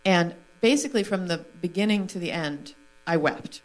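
A woman's voice: fairly low pitch, slow pace, pauses often, rough recording. A woman in her forties, an author speaking candidly on a stage panel, laughing easily and reading a passage aloud with feeling. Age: 40s.

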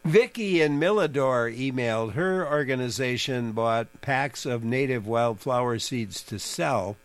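A man's voice: mid-range voice, unhurried, smooth. A man hosting a call-in garden radio show, chatting with a guest and reading out listener questions. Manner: relaxed, reads listener questions.

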